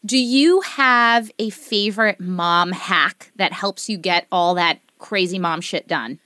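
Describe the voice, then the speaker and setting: A woman's voice: medium pitch, slow pace, sharp tone, no echo, studio quality. Gushing, chatty woman host. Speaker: podcast host. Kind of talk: casual chat.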